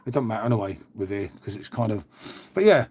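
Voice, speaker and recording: A man's voice: fairly low pitch, very animated, fast talker, darkish tone, slightly rough. A man chatting casually on a live stream, swearing freely and calling everyone "mate". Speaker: livestream host. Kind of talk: casual live chat with viewers.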